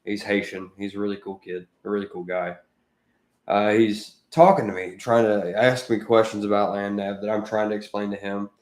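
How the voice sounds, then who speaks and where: A man co-hosting a podcast, telling animated anecdotes in casual chat. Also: on the low side, moderate pace. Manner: talkative, animated anecdote teller. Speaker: podcast co-host. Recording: roomy echoey room.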